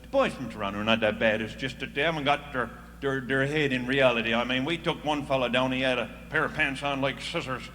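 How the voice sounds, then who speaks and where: A man's voice: medium pitch, fast, hardly any pauses, bright, forceful tone. Man, Newfoundland accent, folksy comic storyteller, live hall echo, audience noise. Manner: chatty, folksy, laughs at his own jokes. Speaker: comedian. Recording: live stage recording in an echoey hall. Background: audience laughter and crowd noise.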